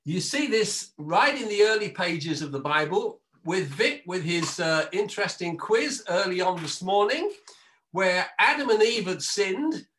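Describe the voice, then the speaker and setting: A man pastor preaching a sermon over a video call, emphatic and slowing down on key phrases. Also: high voice, expressive, fairly bright tone, low-quality recording.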